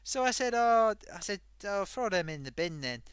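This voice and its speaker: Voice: moderate pace, clean tone, no room sound, close to an everyday voice. A performer voicing a chatty old grandmother sock puppet who hosts a live stream and tells a rambling story. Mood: amused. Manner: rambling, animated, wild pitch swings.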